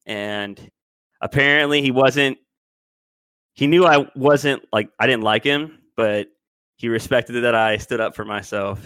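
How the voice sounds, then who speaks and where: A man's voice: mid-range voice, a little slow, a bit bright, clean tone, no room sound. A man in his twenties telling a long story in casual podcast chat, rambling and loose. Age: 20s. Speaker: podcast co-host.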